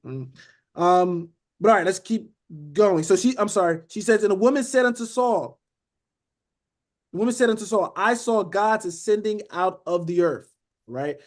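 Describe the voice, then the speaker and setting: At a moderate pace and in a high voice, a man teaches Bible study like a casual sermon. He's animated, jumping in to act out the characters, with "beloved" and "okay?" coming up often.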